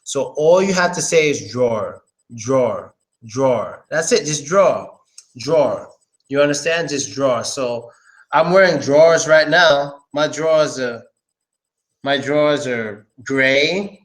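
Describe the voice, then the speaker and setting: A man giving a casual, informal pronunciation lesson, slowly repeating words and swearing now and then. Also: on the high side. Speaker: English pronunciation teacher. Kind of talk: casual live-stream lesson.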